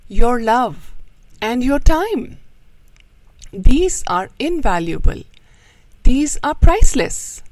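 A woman host reading a children's story aloud, then giving a gently moralizing talk to listeners. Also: on the high side, no room sound, low-quality recording. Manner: slow, expressive, gently moralizing.

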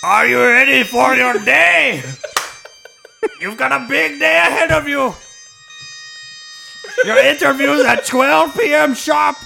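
A man's voice: very high-pitched, takes it slowly, gravelly, long pauses, sharp tone, faint music behind, voice pushed up, full character voice, rough recording. A man putting on a hearty Scottish bagpiper, with a Scottish accent, rousing a sleeper in the morning. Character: loud Scottish bagpiper waking someone, male, adult, hearty.

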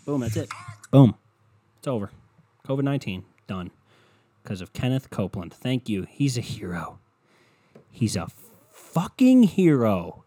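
A man's voice: medium pitch, moderate pace, long pauses, warm tone, dry recording. A man hosting a podcast, ranting in a sarcastic, profane, rambling way. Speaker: podcast host. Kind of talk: casual comedic rant.

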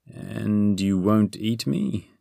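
A man voicing a nervous, fussy male wizard in an audiobook, hesitant and full of little pauses. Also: on the low side, gravelly, dark tone, no room sound, clean studio sound, exaggerated voice. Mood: fidgety. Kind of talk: audiobook character voice.

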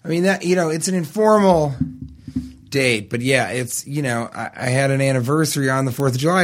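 A man's voice: mid-range voice, a little fast. A man co-hosting a comedy podcast, rambling in a self-deprecating way and swearing freely in casual chat. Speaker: podcast co-host.

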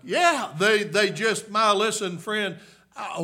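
A man preaching a revival sermon, swinging from hushed murmurs to shouted peaks and coming back again and again to a "my, listen, friend" refrain. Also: high-pitched, lively intonation, slow pace.

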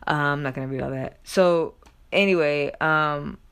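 A woman talks through a news story in a loose, chatty vlog style, with plenty of fillers and asides. Her voice sits a little low for a woman, and she swings up loudly when she reads out quotes. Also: moderate pace, smooth. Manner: chatty, filler-heavy, loud animated quotes and laughter. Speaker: commentary vlogger. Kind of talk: casual news commentary, reading stories aloud.

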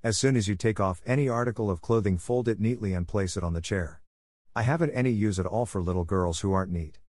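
A stern, stiff older spinster who scolds as she speaks, put on by a male reader. The voice sits a little above his usual low register, and the sound is close and dry. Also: quick pace, a little mellow, dry recording, lightly acted.

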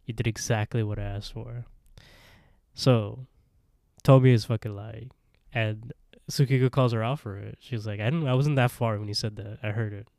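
A man co-hosting a podcast, casually retelling a horror episode and acting out the characters' lines in quick voices. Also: lowish voice, fairly even intonation, a little mellow, no echo, clean studio sound. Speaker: podcast co-host.

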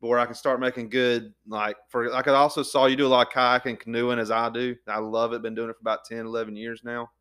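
Folksy podcast host guy, smooth clear voice, eager and chatty. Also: medium pitch, level tone, quick pace, hardly any pauses, a bit bright. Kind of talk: casual chat.

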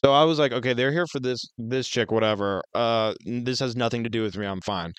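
A man's voice: medium pitch, fairly quick, smooth, no echo. Man rambling through a wild story. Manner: rambling, heavy on fillers and swearing. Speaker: podcast co-host. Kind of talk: casual storytelling chat.

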